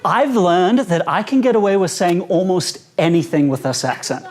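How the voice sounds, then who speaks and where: A young South African man with a South African accent doing a stand-up comedy routine on a conference stage, animated and jokey. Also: high voice, normal speed. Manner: animated, jokey, acts out quoted voices. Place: conference hall stage with a live audience.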